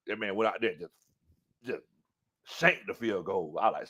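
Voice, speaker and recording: A man hosting a casual sports talk show, animated and quick to laugh. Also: lowish voice, breathy edge, lo-fi sound. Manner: animated, breaks into loud laughs and shouts, does voices.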